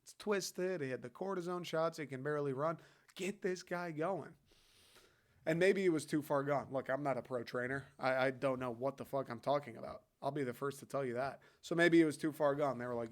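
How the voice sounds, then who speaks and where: A man hosting a casual sports podcast, talking in a loose, heated rant full of swearing. His voice sits at an everyday middle pitch. He keeps it conversational and chummy, as if talking to a buddy. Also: brisk. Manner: profane, fired-up rant; loose and conversational, talks to the listener as "dude". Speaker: podcast host.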